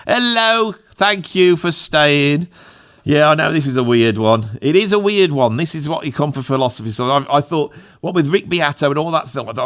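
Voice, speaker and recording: A man's voice: a little high, animated, normal speed, a bit bright. A middle-aged English man talking off the cuff in a rambling, self-mocking vlog. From England. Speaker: YouTuber, musician. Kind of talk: rambling unscripted vlog monologue.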